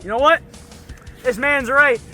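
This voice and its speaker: A man's voice: very high-pitched, measured pace, bright, forceful tone, faint music behind, voice pushed up, full character voice. A man voicing a hotheaded male soccer player who screeches protests and boasts. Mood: manic shouting.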